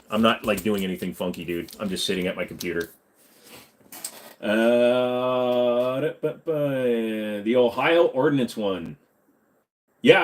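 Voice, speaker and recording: 40-something guy joking through a livestream q&a, bouncy pitch, teasing viewers. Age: 40s. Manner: joking, teasing, reading out comments. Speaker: live-stream host. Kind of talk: casual live-stream Q&A. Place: at his computer desk.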